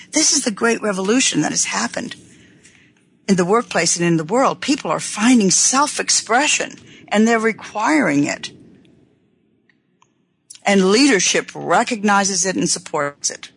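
A woman's voice: medium pitch, animated, unhurried, vocal fry, husky, poor audio. A woman hosting a radio talk show, speaking earnestly and unhurriedly, stretching words for emphasis. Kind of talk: reflective talk-radio monologue.

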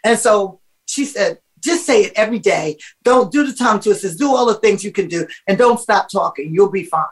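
A middle-aged woman, a singer and guest, telling stories in a casual interview, animated and laughing often. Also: medium pitch, moderate pace, hardly any pauses, low-quality recording.

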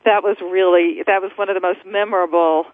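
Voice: mid-range voice, fairly even intonation, dry recording. Talk radio host, reflective and chatty, heard over a dry tinny phone line. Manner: thoughtful, rambling, quick to laugh. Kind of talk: conversational interview.

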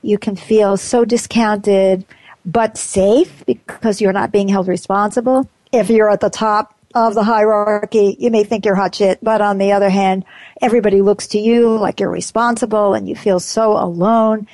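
A woman's voice: mid-range voice, fairly even intonation, normal speed, darkish tone. Earnest woman talking plainly about growth stuff, medium voice, no room echo. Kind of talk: reflective talk on personal growth.

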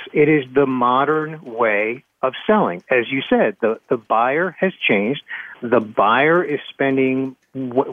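A man speaking as a panelist on a radio talk show, animated and emphatic and often repeating a word as he explains. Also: mid-range voice, no echo. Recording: dry tinny phone line.

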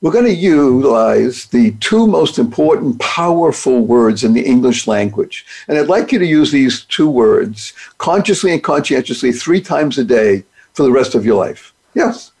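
A man's voice: mid-range voice, sing-song, moderate pace, vocal fry, hardly any pauses, a little mellow, slightly rough. Upbeat motivational male host. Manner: upbeat, playful, builds acronyms and wordplay. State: speaks despite paralysis from a rare disease. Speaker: podcast host. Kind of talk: motivational monologue.

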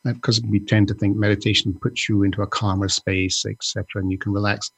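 A man's voice: lowish voice, flat delivery, fast talker, fairly bright tone, slightly rough. A man co-hosting a podcast in casual chat, rambling and breaking off his own sentences, with the odd joke. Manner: rambling, self-interrupting, joking. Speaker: podcast co-host.

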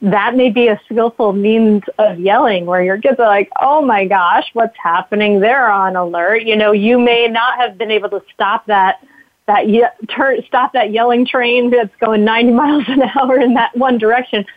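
A woman's voice: on the high side, moderate pace, no room sound. Laughing woman on a tinny call line. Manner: lively, laughs often, acts out quoted feelings. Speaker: guest, mindful parenting author. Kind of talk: casual interview talk. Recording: dry, tinny phone-like line.

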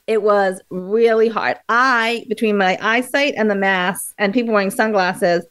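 On a radio interview, a woman guest describes memory techniques with lively animation, frequently using fillers and restarting. Her voice is mid-range, smooth, and at a measured pace.

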